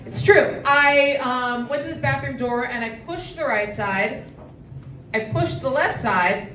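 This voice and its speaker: Woman stand-up comic, quick and self-deprecating, fairly high voice, echoey and a bit distant. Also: slight background noise. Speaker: stand-up comedian. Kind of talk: stand-up comedy set. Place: comedy show in a bistro. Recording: echoey room from a distance, loud crowd.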